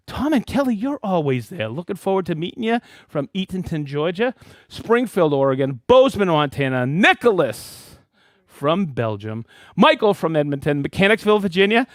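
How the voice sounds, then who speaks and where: A man hosting a live stream in a casual, excited way, calling out viewers by name and hometown. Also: high-pitched, no room sound, studio quality. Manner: excited, animated, reading viewer shout-outs. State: worked up and dusty after a demo. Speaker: host of a live product show.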